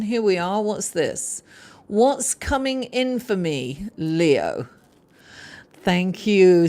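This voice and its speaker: Woman, astrology livestream host, giggly and chatty, lively unhurried voice. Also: medium pitch. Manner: giggly, chatty, reading viewer comments. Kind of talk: casual livestream chat.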